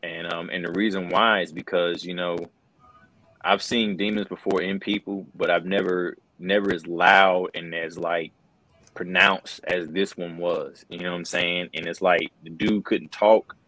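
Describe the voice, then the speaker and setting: A man's voice: low-pitched, steady tone, a little slow, bright, forceful tone, no echo, rough recording. A middle-aged man, a wrestling commentator, telling a story in an earnest, loose way, often saying "bro" and "man". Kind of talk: casual interview storytelling.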